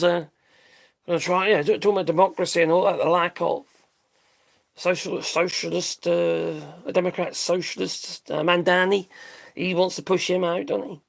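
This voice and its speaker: A man's voice: sits high, fairly even intonation, a little slow, gravelly, long pauses. A middle-aged British man hosting a live stream, ranting in a blunt, rambling, sweary way and laughing at his own jokes. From Britain. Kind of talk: casual live-stream commentary.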